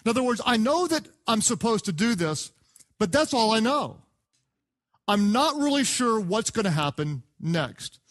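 High-voiced animated male preacher. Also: moderate pace. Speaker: pastor. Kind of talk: sermon. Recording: sermon clip played from archive.

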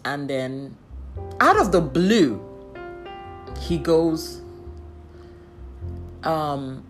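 A woman in casual storytelling, candid and lively, with exasperated asides and frequent laughs. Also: low voice, very slow, faint music behind.

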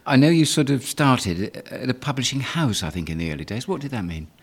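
A man's voice: mid-range voice, expressive, a little fast. A male interviewer asking friendly, prompting questions.

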